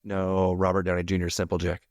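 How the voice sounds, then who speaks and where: A man's voice: low voice, completely flat delivery, fairly quick, no echo, clean studio sound. A man co-hosting a podcast, teasing with wisecracks in casual banter. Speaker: podcast co-host.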